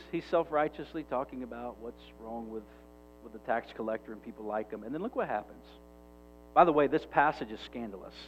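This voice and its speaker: Guy preaching a sermon, emphatic and chatty, muffled lo-fi sound, faint music behind. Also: medium pitch. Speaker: pastor.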